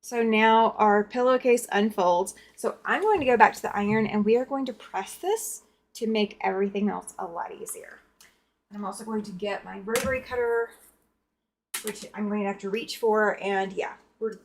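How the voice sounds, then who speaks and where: Chatty woman hosting a quilting livestream. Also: medium pitch. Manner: chatty, greets viewers by name. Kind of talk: live-stream chat while sewing.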